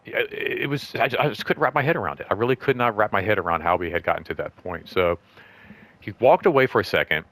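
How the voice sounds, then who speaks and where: Low-voiced man rambling through a story. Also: expressive, quick pace, fairly bright tone, dry recording. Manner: rambling, full of "like" and "you know"; acts out quoted speech in raised voice. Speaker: show host. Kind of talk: casual storytelling vlog.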